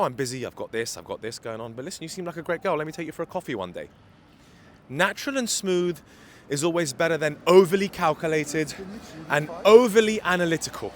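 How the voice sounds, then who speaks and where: A man's voice: medium pitch, a bit bright, slight background noise. A man giving dating advice as a coach in a walking vlog, filmed on a handheld phone outdoors, emphatic and repeating his key points. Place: city street outdoors.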